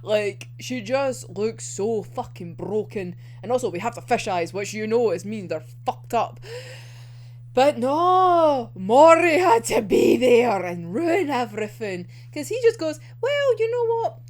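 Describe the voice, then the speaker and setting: A young woman giving a casual anime commentary, animated and heated, swearing a lot and filling with "like". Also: a little high, a little slow. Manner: animated, heated, heavy swearing, many fillers. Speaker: anime reviewer.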